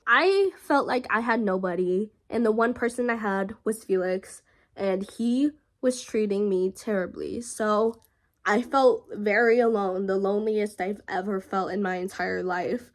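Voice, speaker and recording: A young woman vlogger telling a personal story in a halting, emotional way, with frequent fillers and pauses. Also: mid-range voice.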